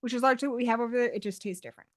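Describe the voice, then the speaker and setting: A woman's voice: a little high, very fast. A woman from England, with an accent mixing British and American, chatting casually and rambling a little. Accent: mixed British and American. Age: adult. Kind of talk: casual chat.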